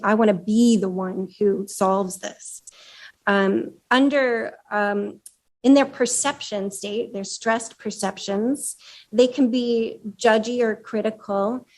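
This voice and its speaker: A woman author giving a conversational workshop talk, explaining ideas and asking the room questions. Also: mid-range voice. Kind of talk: live talk to a room of women leaders. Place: room with an audience.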